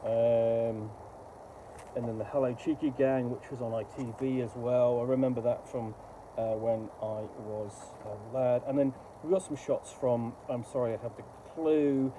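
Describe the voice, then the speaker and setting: A middle-aged man giving casual, rambling, halting commentary while unboxing a book. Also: mid-range voice, steady tone, mellow, a little hiss or hum, poor audio.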